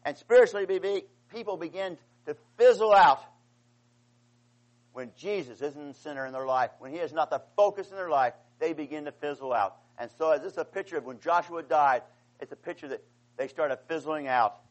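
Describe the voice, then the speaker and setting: This male preacher, pitched on the high side and speaking briskly, moves from calm explanation into impassioned, pleading outcries and shouts "amen" to the congregation. The audio quality is poor.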